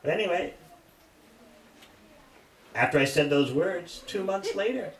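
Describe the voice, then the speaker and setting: An older man tells stories in a sermon, with a lively, swinging pitch. He sounds distant from the microphone, in an echoey temple hall with a faint hiss in the background. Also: a little slow. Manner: animated anecdotes, laughing audience. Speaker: monk giving a class. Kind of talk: storytelling sermon. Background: audience laughter.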